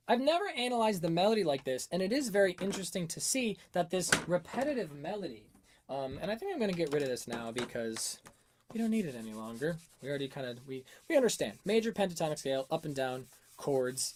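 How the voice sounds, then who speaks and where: A man talking through a song on a casual livestream, his pitch swinging freely up and down as he thinks aloud. He reads out the chat, answers it, and now and then hums a melody over a webcam setup. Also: big pitch swings, brisk, background noise. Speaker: music analysis livestream host.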